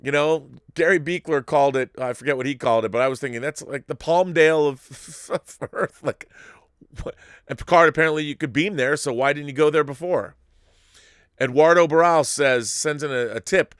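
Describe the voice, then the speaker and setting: A man hosting a live-stream show, reading viewer messages and riffing on them in a rambling, animated way with frequent restarts. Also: fairly high pitch, moderate pace, clear, resonant tone, no room sound, clean studio sound. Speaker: show host reading viewer super chats. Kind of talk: casual live-stream commentary.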